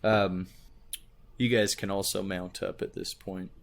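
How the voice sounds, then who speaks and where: A man narrating a tabletop game as game master, describing scenes in an unhurried way. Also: sits low, level tone, creaky, slight background noise.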